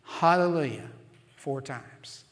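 Man preaching in a reverberant hall. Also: fairly high pitch. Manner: earnest, emphatic preaching with slow stressed phrases. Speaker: pastor. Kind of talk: sermon. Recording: long reverb of a large hall.

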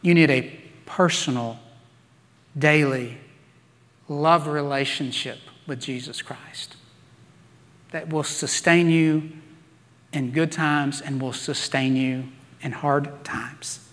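A man's voice: a little high, fairly even intonation, slow, pauses often, a bit bright. A man preaching a sermon, telling Bible stories with playful acted-out voices. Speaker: pastor. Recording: long reverb of a large hall.

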